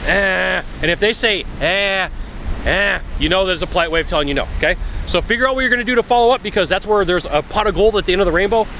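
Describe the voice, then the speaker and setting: A man's voice: high voice, animated, racing, a bit bright, a little hiss or hum. A man giving blunt sales advice in a casual vlog, acting out phone calls as he talks. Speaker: sales coach. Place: outdoors by a bay.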